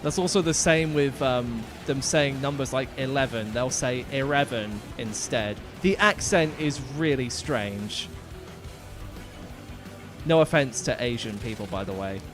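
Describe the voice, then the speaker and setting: A man's voice: medium pitch, unhurried, music in the background. A man streaming a video game live, chatting casually as he plays. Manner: casual, chatty, trails off quietly. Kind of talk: live gaming stream commentary.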